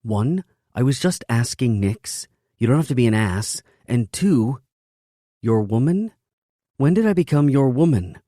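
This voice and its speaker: A male narrator voicing a sharp-tongued young woman, his voice pitched up, loud and pushing back. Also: quick pace, few pauses, no echo, clean studio sound, lightly acted. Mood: indignant.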